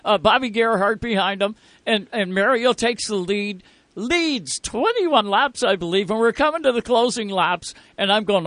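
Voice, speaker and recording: A man's voice: sits high, expressive, moderate pace, a bit bright, no room sound. A male co-host telling a racing story with animation and frequent laughter. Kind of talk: casual talk show chat.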